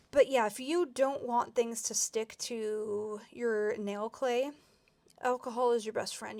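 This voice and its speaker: A woman's voice: on the high side, gravelly, darkish tone, no room sound. A young woman chatting casually through a nail tutorial, giggly and rambling with lots of fillers. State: a bit out of breath.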